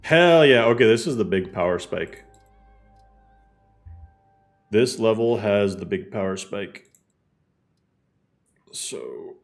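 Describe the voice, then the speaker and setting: A man's voice: lowish voice, takes it slowly, creaky, pauses often, a little mellow, faint music behind. A man giving casual, chatty commentary while he plays a game, thinking aloud and laughing easily. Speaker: gaming streamer.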